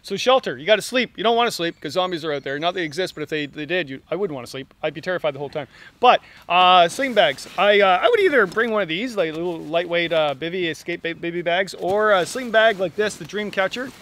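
A man's voice: sits high, quick pace. Joking Canadian man reviewing camping gear. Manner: jokey, deadpan asides, many fillers. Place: outdoors at a campsite.

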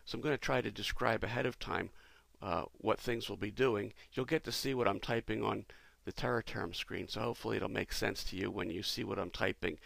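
Gravelly low-voiced man explaining a demo. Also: a little fast, hardly any pauses, no room sound. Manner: relaxed, explanatory, with frequent ums and uhs. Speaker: company president. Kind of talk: casual product demo walkthrough.

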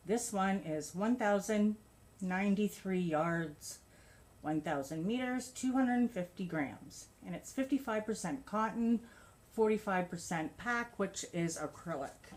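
A woman's voice: lowish voice, animated, unhurried, darkish tone, slight background noise. A woman vlogger chatting casually about her crochet projects and yarn, gushing and laughing often. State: a bit out of breath. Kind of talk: casual show-and-tell chat.

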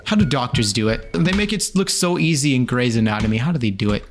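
A man's voice: medium pitch, lively intonation, fast. A young man giving frantic, self-mocking commentary while playing a video game, swearing now and then. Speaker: gaming streamer. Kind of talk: gameplay commentary. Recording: music playing behind the voice. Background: background music.

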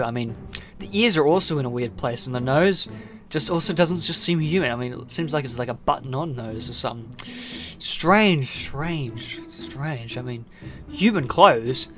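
A man's voice: medium pitch, fairly quick, fairly bright tone. A man reading a visual novel aloud and giving jokey, rambling commentary as he plays. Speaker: gaming video creator.

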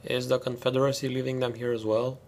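An uneasy young male marine recruit wonders aloud in his head, as a man reading an audiobook gives him voice. The voice stays close to the reader's own mid-pitched tone. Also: little pitch movement, fast talker, a little mellow, close to an everyday voice.

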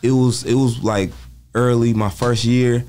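A young man with a Bay Area accent telling stories from his start in comedy in a relaxed, slangy interview chat. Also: mid-range voice, a little slow, slight background noise. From Bay Area, California. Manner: laid-back storytelling with slang. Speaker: comedian guest.

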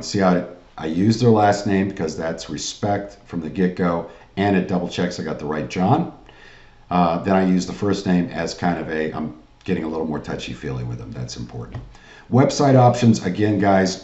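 Low dark-voiced man giving a sales training. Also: echoey room, muffled recording. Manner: pushy salesman pep talk, frequent "guys" and "right?". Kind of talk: online training lecture.

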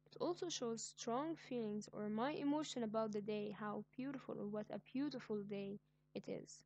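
A woman teaching an online grammar lesson, speaking slowly and clearly and repeating each example sentence. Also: a little high, a little mellow, no echo. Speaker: English teacher.

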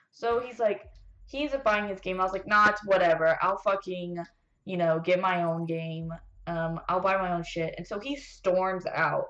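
A young woman telling a rambling, swear-heavy story while playing a video game, venting in an animated way. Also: medium pitch, lo-fi sound. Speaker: gaming streamer. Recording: roomy echo, faint background noise.

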